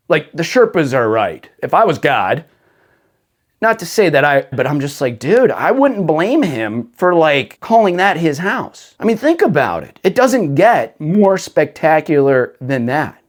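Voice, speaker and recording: Male host, casual storyteller, says "dude" a lot, pitch rises and falls freely. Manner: laid-back, full of "dude" and "like". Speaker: faith podcast host.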